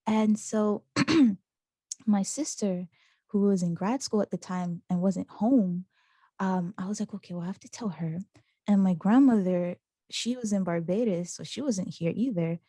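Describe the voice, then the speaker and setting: A woman's voice: mid-range voice, a little slow, no room sound, clean studio sound. A young woman, a student, telling a story in casual chat and acting out the voices of people she quotes. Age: young adult. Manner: animated, acts out quoted voices with laughter. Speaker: student interviewee.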